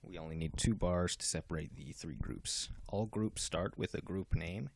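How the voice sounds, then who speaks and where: A man's voice: low-pitched, normal speed, vocal fry, no echo. A man casually walking through the features of a game program he made, explaining step by step with fillers and restarts. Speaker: game developer demoing his software. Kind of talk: casual software walkthrough.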